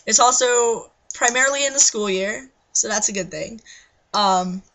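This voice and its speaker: Bright-voiced young woman ranting, swearing. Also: fairly high pitch, moderate pace, low-quality recording. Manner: agitated, swearing, scattered. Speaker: vlogger. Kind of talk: rambling webcam rant. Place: own bedroom at night.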